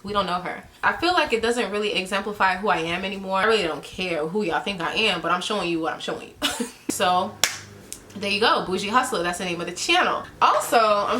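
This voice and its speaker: A chatty, playful woman talks straight to camera while she does her makeup, with a nervous edge to her voice. Her tone is bright and forward. A faint hiss sits under the home recording. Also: medium pitch. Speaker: beauty vlogger. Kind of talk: casual makeup chat to camera.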